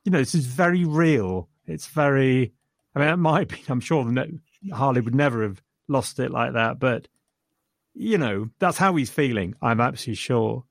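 Man, film chat, enthusiastic, chuckling, mid pitch, dry close sound. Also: animated, normal speed, gravelly, dry recording. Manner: enthusiastic, chuckling retelling of scenes. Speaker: film reviewer. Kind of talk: casual film discussion.

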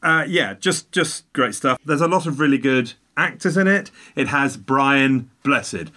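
A man in casual conversation about a film he loves. He talks a lot, jumping between jokes and asides with lively swings of emphasis. His voice sits in an ordinary middle pitch. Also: a little slow. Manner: talkative, animated, jokey.

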